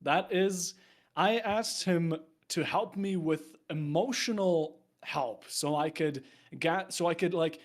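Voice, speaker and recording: A man's voice: a little high, slow pace. A young man, an esports caster, chatting casually and playfully as a guest, laughing as he talks. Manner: laughs often while talking, playful. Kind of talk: casual chat.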